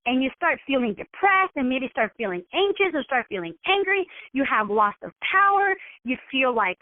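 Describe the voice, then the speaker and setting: A woman wellness coach giving a motivational coaching talk, constantly checking in with her listeners and acting out scenarios in animated voices. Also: high-pitched, normal speed, no room sound. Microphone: telephone. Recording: tinny phone line.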